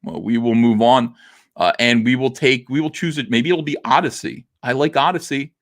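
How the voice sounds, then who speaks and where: Hosting a comics livestream, a man delivers a theatrical monologue that swings between quiet and loud, laughing often. His voice is mid-range and his pace moderate.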